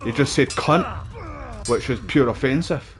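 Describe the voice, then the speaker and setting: A man, doing casual gameplay commentary in profane, excitable banter. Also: mid-range voice, normal speed. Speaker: game streamer.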